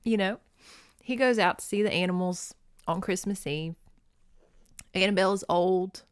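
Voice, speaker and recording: A woman's voice: mid-range voice, moderate pace, clean tone, no room sound, studio quality. A woman hosting a podcast, giving a folksy, sentimental recap of a movie and laughing often. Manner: fond and sentimental storytelling. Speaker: podcast host.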